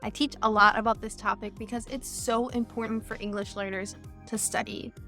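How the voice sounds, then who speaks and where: A woman's voice: a little high, level tone, brisk, bright, forceful tone, faint music behind. A woman teaching English in an online lesson, patiently explaining phrases step by step with many examples.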